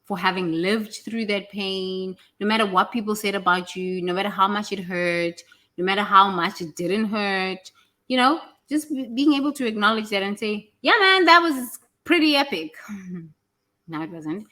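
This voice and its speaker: A woman's voice: mid-range voice, normal speed, a bit bright. A woman giving a blunt, emphatic motivational monologue, swearing freely and repeating phrases for effect. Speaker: self-help vlogger.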